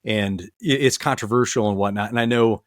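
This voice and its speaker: A man's voice: lowish voice, brisk, no room sound, clean studio sound. A man speaking as a podcast guest, telling stories in an earnest, rambling way with many restarts and fillers. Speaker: podcast guest, retired military medic. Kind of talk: casual conversational storytelling.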